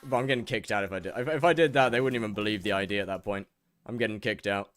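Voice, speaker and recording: A man's voice: lowish voice, rapid-fire, fairly bright tone, no echo. A young man from England, streaming a game and bantering sarcastically with his chat. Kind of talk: casual chat with viewers while gaming.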